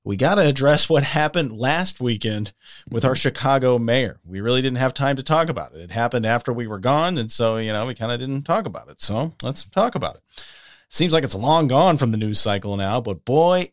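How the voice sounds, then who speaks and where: A man's voice: medium pitch, animated, moderate pace. A male podcast co-host recapping the week's news in a casual, wry way.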